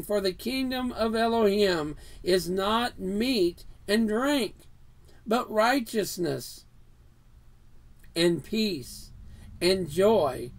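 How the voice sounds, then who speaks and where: A man preaching an earnest sermon in a house of worship, reading scripture verses aloud. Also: high voice.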